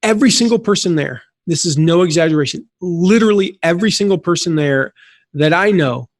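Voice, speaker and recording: A man around forty, a podcast guest, telling stories in a casual, animated way, with plenty of fillers and restarts. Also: fairly high pitch, brisk, dry recording, studio quality. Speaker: podcast guest, affiliate marketing consultant. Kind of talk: casual conversational storytelling.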